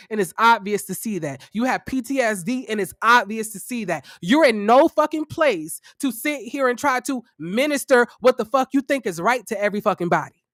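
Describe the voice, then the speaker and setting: A man giving casual reaction commentary on a reality show, profane and animated, with sassy, theatrical exclamations and dramatic asides. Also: very high-pitched, dry recording, clean studio sound.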